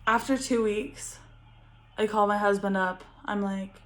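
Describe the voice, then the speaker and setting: Casting note: young woman, casual vlogger, unhurried chatty storytelling. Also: medium pitch. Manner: chatty, frequent fillers, animated retelling.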